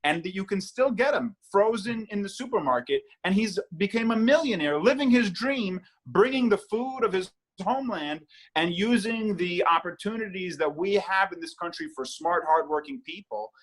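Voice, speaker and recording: High-voiced man telling a story. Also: lively intonation, normal speed, fairly bright tone. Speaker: guest artist. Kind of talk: interview answers.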